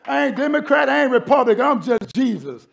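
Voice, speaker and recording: A man preaching a sermon as pastor, shouting hard, then talking lower while catching his breath. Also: lively intonation, brisk, vocal fry, some chatter behind, a little hiss or hum.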